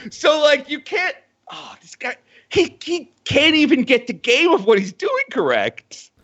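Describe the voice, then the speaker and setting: A man guesting on a podcast, talking in an animated, exasperated way. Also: very high voice, a little slow, muffled recording. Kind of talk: casual chat.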